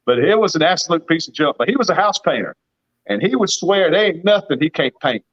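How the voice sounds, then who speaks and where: A man's voice: on the high side, big pitch swings, fairly quick, fairly bright tone, dull audio. A man in his fifties with a Southern US accent, a guest farmer telling folksy stories with a laugh in a casual livestream chat over a video call. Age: 50s. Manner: folksy storytelling, laughs often.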